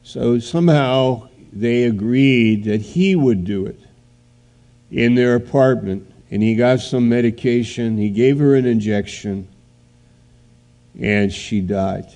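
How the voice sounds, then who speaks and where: A man preaching a sermon, telling a story in a halting way and then building to loud, emphatic outbursts. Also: mid-range voice.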